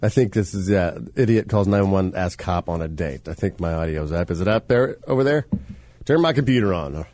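Low-voiced man hosting a jokey chat. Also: expressive, brisk, a little mellow. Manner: joking, puts on silly voices. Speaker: podcast co-host. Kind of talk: casual comedic chat.

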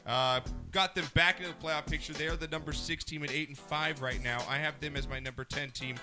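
Excitable male sports podcast host. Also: on the high side, brisk, music in the background. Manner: excitable, joking, laughs often. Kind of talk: casual sports talk.

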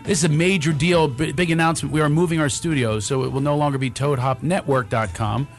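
A man's voice: fairly high pitch, steady tone, fast talker, soft background music. A man hosting a casual chat, joking and self-deprecating with trailing restarts. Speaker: host.

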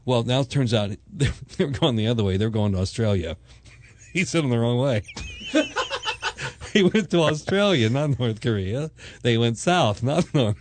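A man's voice: medium pitch, animated, moderate pace. A man co-hosting a talk show, chatting and joking as he tells news stories. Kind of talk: casual banter on news and sports.

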